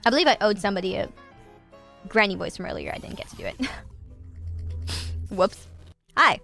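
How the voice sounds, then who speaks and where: A woman's voice: mid-range voice, expressive, moderate pace, vocal fry, pushed and bright, faint music behind. A woman hosting a livestream, chatting casually with her viewers in a bubbly, giggly way with lots of filler words. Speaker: livestream host.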